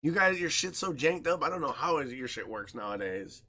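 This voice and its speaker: A man's voice: fairly high pitch, fairly quick. A man co-hosting a casual podcast, swearing freely, laughing a lot and acting out stories. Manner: profane, laughs often, animated storytelling. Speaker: podcast co-host. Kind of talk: casual chat.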